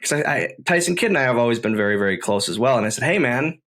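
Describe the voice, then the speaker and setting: A man's voice: medium pitch, animated, quick pace, fairly bright tone. Man, podcast storyteller, enthusiastic, rambling, repeats phrases. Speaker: podcast host, former wrestler.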